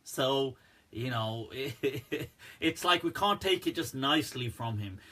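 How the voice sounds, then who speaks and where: A man's voice: medium pitch, expressive, slow pace, pushed and bright, husky. A man talking casually on a livestream Q&A, joking, laughing often and speaking straight to his viewers. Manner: chatty and joking, laughs often, says "right" and "people". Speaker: Islamic scholar answering questions.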